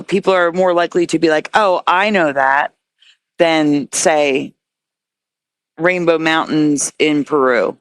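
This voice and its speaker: A woman speaks as a guest in a casual interview, earnest and quick to get excited, tripping over and restarting her words as she goes. Her voice sounds close and dry, with no room around it. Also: sits low, dry recording. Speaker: guest researcher.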